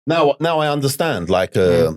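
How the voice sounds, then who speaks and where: Laid-back man, lively pitch. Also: no echo. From England. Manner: laid-back, drawn-out asides with frequent "you know". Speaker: podcast co-host. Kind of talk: casual chat.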